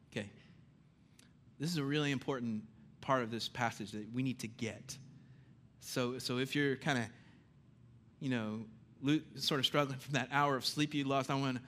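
A man preaching a sermon in a conversational, animated way, swinging between loud emphasis and hushed lines. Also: medium pitch.

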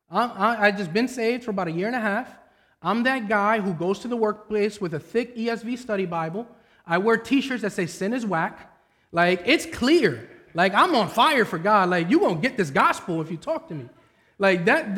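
A man's voice: high voice, a bit bright. A man in his thirties preaching a sermon in a conversational, storytelling way, weaving in personal anecdotes. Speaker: pastor.

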